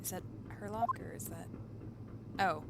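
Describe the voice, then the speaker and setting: A woman's voice: medium pitch, normal speed, heavy background noise. A woman giving casual, rambling, self-deprecating commentary while playing a game. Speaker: let's play host. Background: loud game music.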